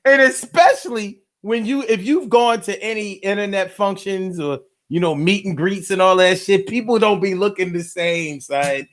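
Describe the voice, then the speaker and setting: Animated slangy man with a high voice. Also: normal speed, hardly any pauses. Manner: animated, slangy storytelling with repeated phrases. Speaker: streamer reading viewer comments. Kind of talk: casual live-stream chat.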